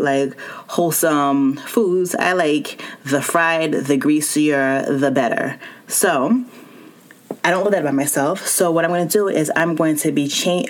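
A woman hosting a solo wellness podcast, talking straight to her listeners in an encouraging way. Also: deep voice. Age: adult with child and spouse. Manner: warm encouraging, speaks directly to listener. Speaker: podcast host.

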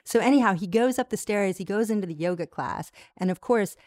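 A woman who teaches yoga, telling a long personal story as an interview guest, lively and full of restarts. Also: mid-range voice, brisk, no echo. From United States. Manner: animated storyteller with many restarts. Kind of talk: storytelling in a conversation.

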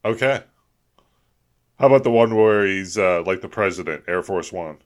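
A man's voice: low voice, moderate pace. A man hosting a radio talk show, introducing segments and reading listener questions in a casual way. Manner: reads segments and the call-in number, short reactions.

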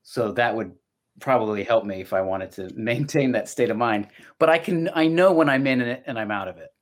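Middle-aged guy thinking out loud in a relaxed chat, tells stories, keeps restarting his sentences. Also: medium pitch, brisk. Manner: reflective, storytelling, many restarts. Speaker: podcast guest, voice actor. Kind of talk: casual conversation.

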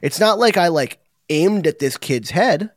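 A man's voice: on the high side, a little slow, no echo, studio quality. A man hosting a casual sports talk show, telling stories with energy and swearing now and then. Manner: animated storytelling, swears casually. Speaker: podcast host.

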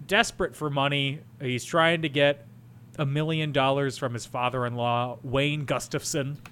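A man's voice: mid-range voice, steady tone, normal speed, fairly bright tone, clear, resonant tone. A man co-hosting a podcast in casual chat, teasing and playful. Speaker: podcast co-host.

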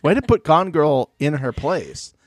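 Animated man recapping reality TV. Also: fairly high pitch, measured pace, no echo, clean studio sound. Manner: animated, mimics people in jokey voices. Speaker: podcast co-host. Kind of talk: casual reality TV recap chat.

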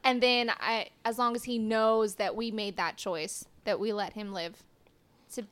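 Female player, slow deliberate speech, slightly high voice. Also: steady tone, a bit bright, clear, resonant tone. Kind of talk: casual tabletop play.

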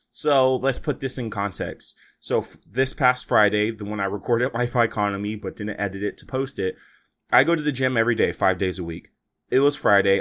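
A man's voice: mid-range voice, fairly bright tone. Casual rambling male podcast host. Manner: casual, rambling, motivational, with fillers and restarts. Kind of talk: solo podcast monologue.

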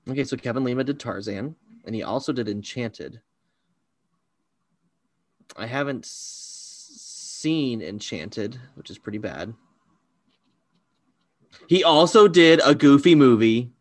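A man's voice: mid-range voice, lively intonation, takes it slowly, pauses often, no echo. Guy rambling on a podcast, laughs at himself a lot, dry close sound. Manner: rambling, laughing, self-deprecating. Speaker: podcast co-host guessing movies. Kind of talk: casual chat.

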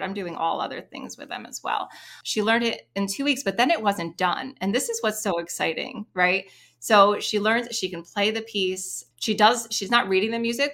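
A woman piano teacher explaining her methods in an interview, animated and singing short rhythm syllables to demonstrate. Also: mid-range voice. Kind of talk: interview explanation with sung examples.

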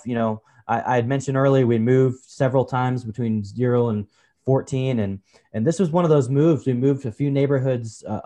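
A man's voice: medium pitch, mellow. Casual man in his forties telling a story. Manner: casual, repeats "you know", calls the host brother. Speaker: podcast guest. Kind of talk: personal storytelling in a conversation.

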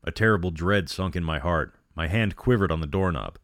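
A man's voice: sits low, brisk, fairly bright tone, dry recording, studio quality. A man narrating a first-person horror story in a tense, dramatic way.

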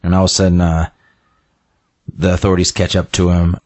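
A man with a low, darkish, monotone voice talks fairly quickly while casually recapping a game's plot. He rambles along, filling his speech with "he's like" and other fillers.

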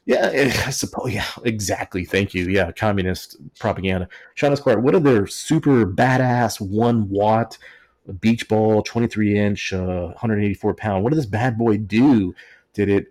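A man's voice: lowish voice, normal speed, darkish tone. A man hosting a casual history podcast, telling it in a jokey, sarcastic way. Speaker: podcast host.

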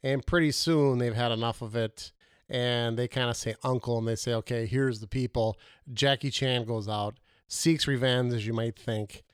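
A man's voice: medium pitch, fairly even intonation, normal speed, smooth, dry recording, studio quality. A man co-hosting a casual movie review chat, rambling and losing his words mid-sentence.

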